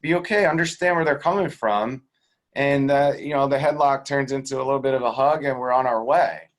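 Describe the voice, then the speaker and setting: A man being interviewed as a sales coach, teaching in a casual, animated way and acting out the voices of the people in his stories. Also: mid-range voice, fairly quick. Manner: animated storyteller who acts out quoted voices; swears casually and laughs between points. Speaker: guest real estate sales coach.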